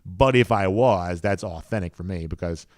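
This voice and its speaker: A man's voice: deep voice, normal speed, no room sound, studio quality. A man hosts a live show, reading viewer comments in an easygoing, rambling way with many fillers. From rural US South. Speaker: podcast host.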